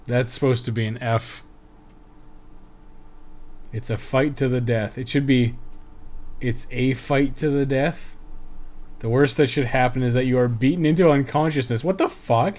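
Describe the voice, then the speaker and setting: A man's voice: mid-range voice, a little mellow. A man streaming a video game live, reading the on-screen text aloud and swearing often.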